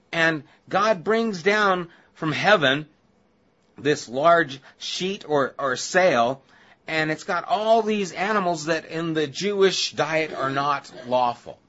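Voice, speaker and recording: A man's voice: a little high, fairly bright tone, dull audio. A male pastor giving a conversational Bible-study sermon, casual and chatty, with asides to the listeners.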